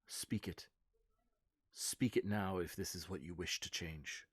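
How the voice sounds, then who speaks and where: Man doing an eerie inner voice, deep, hushed, demanding. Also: unhurried, slightly rough, dry recording. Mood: commanding. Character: mysterious voice inside the head, commanding.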